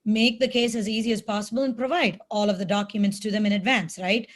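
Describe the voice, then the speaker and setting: A woman's voice: medium pitch, fairly even intonation, fast talker. A woman hosting an immigration webinar, talking conversationally and checking in with "right?" and "you know". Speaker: webinar host. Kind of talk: hosted webinar discussion. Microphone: video call.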